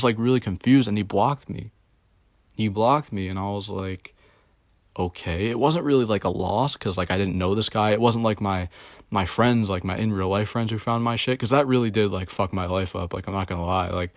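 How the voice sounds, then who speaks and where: A man with a fairly low voice talks straight to the camera in a loose, rambling rant. He swears freely and leans on fillers, and he sounds confused and fed up. The recording is dry and close, with almost no room sound. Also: normal speed, no room sound. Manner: confused, exasperated. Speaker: video blogger.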